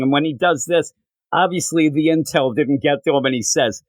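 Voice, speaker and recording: A man co-hosting a podcast, excitedly recapping a comic book scene in casual chat. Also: on the high side, normal speed, no room sound, rough recording. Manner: excited, animated recapping with quoted lines. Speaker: podcast co-host.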